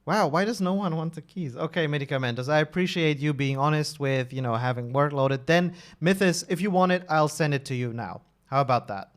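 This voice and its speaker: A man's voice: a little high, a little fast, hardly any pauses. A man in his thirties chatting casually on a live stream, talkative and often restarting and correcting himself. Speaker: streamer and level designer.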